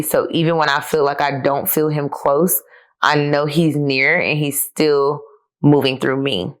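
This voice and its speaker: Woman podcast host, low register, candid solo talk. Casual and heartfelt as she reflects on journal entries, emotional and near tears. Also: level tone, measured pace. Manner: candid and conversational, addressing listeners as y'all; emotional, close to tears, with laughs.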